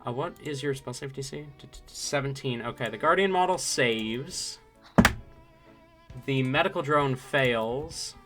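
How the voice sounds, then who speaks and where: A man running a tabletop game as game master, narrating in an unhurried, meandering way. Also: mid-range voice, over music.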